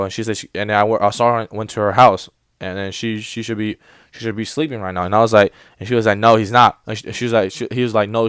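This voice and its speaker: A man's voice: mid-range voice, clear, resonant tone, no echo, clean studio sound. A young man in college casually telling a personal story, rambling with many restarts and quoted back-and-forth. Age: young adult.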